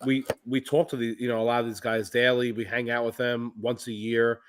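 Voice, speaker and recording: Male co-host with a cold, blunt and joking, casual talk on a call mic, mid pitch. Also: level tone, fairly quick. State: sick with a cold. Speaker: podcast co-host. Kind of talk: casual livestream chat.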